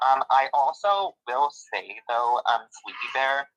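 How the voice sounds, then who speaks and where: A man in casual discussion, animated and exasperated, with frequent fillers. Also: medium pitch, slow pace, dull audio.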